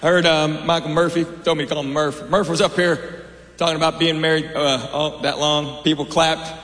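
Comedian on stage, echoey hall. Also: male voice, fairly high pitch, little pitch movement, normal speed, a bit bright. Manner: dry, conversational storytelling with asides to the crowd. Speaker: stand-up comedian. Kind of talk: stand-up comedy set. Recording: roomy hall reverb, faint noise.

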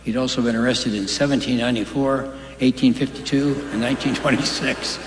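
A man's voice: mid-range voice, fairly even intonation, a little fast, background noise. A man doing stand-up comedy in a large hall, delivering dry one-liners and long joke stories. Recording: live stage recording in echoey hall.

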